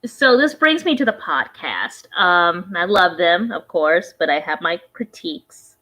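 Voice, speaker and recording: A woman's voice: lowish voice, very animated, a little slow, bright, forceful tone, low-quality recording. A woman vlogger giving casual reaction commentary, rambling and conversational, often trailing off and restarting her thoughts.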